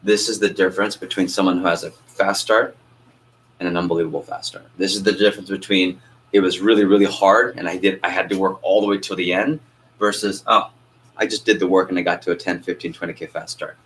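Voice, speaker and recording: Male sales coach, low-pitched, lively with the group, light background hiss. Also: a little fast, poor audio. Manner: energetic, asks the group questions and acts out phone calls. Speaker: sales trainer. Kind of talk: coaching a training class.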